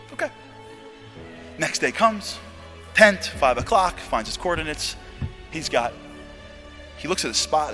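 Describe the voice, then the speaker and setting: An American man spins a story with a bright, forceful voice pitched a touch high. He acts out each character's lines, dropping to hushed tones and then bursting out loud. A faint bed of music plays under him. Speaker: motivational speaker. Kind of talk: animated storytelling talk.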